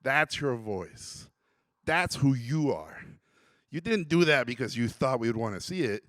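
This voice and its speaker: A man's voice: on the low side, big pitch swings, no echo, clean studio sound, voice pushed down. A man imitating a stern Hungarian art teacher. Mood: emphatic. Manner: slow, stern, emphatic pronouncements. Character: gruff blunt older male art teacher.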